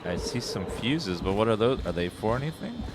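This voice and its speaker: A man streaming a horror game live, chatting excitably and rattling off lists of viewer names at speed. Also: lowish voice, very noisy. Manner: excitable, rapid-fire reading of viewer names. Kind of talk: live gameplay commentary.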